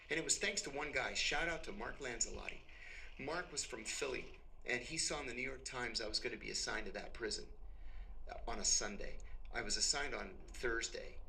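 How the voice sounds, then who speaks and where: A man's voice: mid-range voice, creaky. A middle-aged man telling a story in conversation as a podcast guest, acting out the voices of the people he quotes. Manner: animated, acts out quoted voices. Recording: noisy recording.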